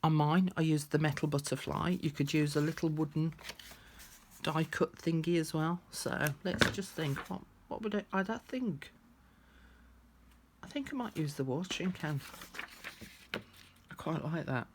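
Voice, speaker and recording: A woman's voice: deep voice, a little slow, long pauses, a little hiss or hum. A woman chatting casually through a craft tutorial, thinking aloud as she works.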